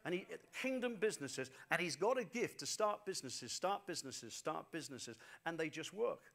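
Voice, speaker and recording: High-voiced animated man preaching. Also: a little fast, creaky. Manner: animated storytelling preacher, repeats phrases for emphasis. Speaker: pastor. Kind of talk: sermon.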